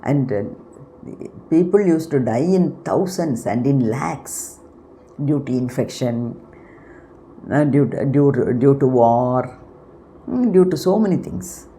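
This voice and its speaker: Low-voiced woman giving a spiritual talk. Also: lively intonation, dark tone, a little hiss or hum. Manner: unhurried, explanatory, pausing often to search for words. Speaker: spiritual channel host.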